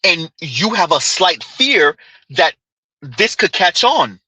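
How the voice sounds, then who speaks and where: A man's voice: sits high, very animated, takes it slowly, sharp tone, husky, dry recording, low-quality recording. A man hosting a live commentary stream, reading comments and ranting emphatically with lots of repetition. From Caribbean descent. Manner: emphatic, repeats phrases, talks to chat directly.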